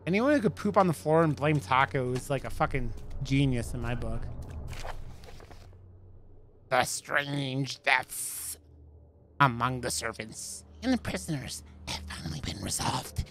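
A man's voice: medium pitch, lively intonation, a little slow, a bit bright, slight background noise. A man streaming a horror game, joking crudely with lots of swearing and reading the in-game notes aloud in a casual way. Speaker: let's play streamer. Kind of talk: casual gameplay commentary.

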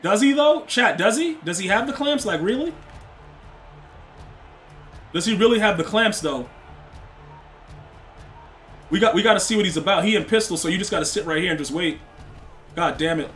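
A man's voice: high-pitched, lively intonation, moderate pace, pauses often, a bit bright, soft background music. A young man live-streaming a game, chatting casually with his viewers and trash-talking opponents in loose slang. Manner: slangy, rambling, talks to chat and opponents.

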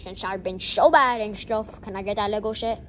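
A woman's voice: mid-range voice, moderate pace, slight background noise, pitched below the performer's own voice, natural voice. A woman voicing a naughty, scheming plush toy boy in a homemade plushie skit, bargaining in a wheedling way.

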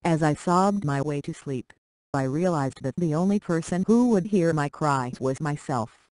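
Synthetic storyteller, steady mid-range delivery, dry close recording. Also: medium pitch, moderate pace, no room sound, poor audio. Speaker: narrator. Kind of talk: reading a short story aloud.

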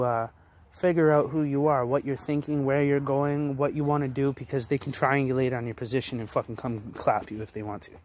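A man's voice: mid-range voice, a little hiss or hum. Profane, fiery young man ranting. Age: 20s. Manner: profane, blunt and forceful, with repeated restarts. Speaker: vlogger. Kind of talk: intense motivational rant.

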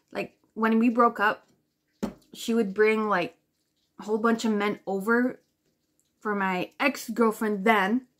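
Woman vlogger, higher-pitched voice, casual rambling talk, lots of swearing and fillers, indignant. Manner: rambling and profane, full of "like" fillers; animated and indignant while retelling. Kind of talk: casual storytelling to camera.

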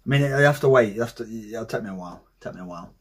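A man in his thirties hosting a reaction video, talking in an excitable, heavily profane casual way. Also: fairly low pitch, very fast, slightly rough. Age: 30s.

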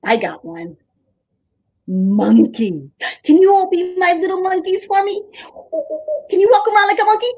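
A young woman leading a creative drama warm-up for small children, animated and sing-song, with playful animal noises. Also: very high voice, moderate pace, pauses often, low-quality recording.

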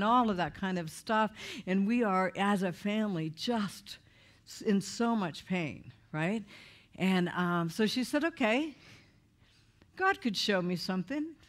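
A middle-aged woman from Idaho preaching through a personal story, acting out the voices and laughing often. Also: medium pitch. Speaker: speaker at a church meeting. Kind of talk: storytelling sermon.

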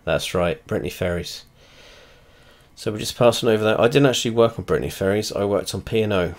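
A lowish-voiced man talks fast while commenting on his flight simulator play. He's a video creator whose talk is rambling, blunt and chatty, packed with swearing, and he often drops a sentence and starts it over.

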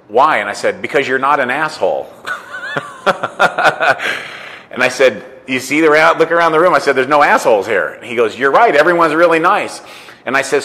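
A man speaks in a casual storytelling monologue, repeating "I said" often as he acts out conversations. His voice is bright and forceful, with a long reverb trailing behind it. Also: medium pitch. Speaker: entrepreneur and coach.

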